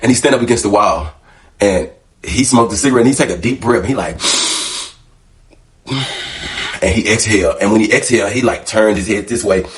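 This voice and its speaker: A man's voice: lowish voice, normal speed, long pauses. A man hosting a casual storytime vlog, candid and profane, acting out the lines of the people in his story. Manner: profane, candid storytelling that acts out quoted dialogue. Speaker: vlog host.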